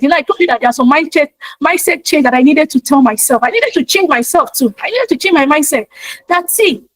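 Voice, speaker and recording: A woman's voice: sits high, dry recording, rough recording. A woman giving a motivational talk, speaking emphatically and repeating her key points in a preacher-like way. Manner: talks of her own practice in speaking to online audiences.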